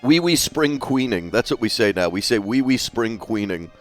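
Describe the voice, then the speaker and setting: A man's voice: medium pitch, animated, moderate pace, faint music behind. A man live-streaming while he draws, chatting casually, swearing freely and reading out viewers' messages. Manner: chatty, swears freely, reads chat aloud.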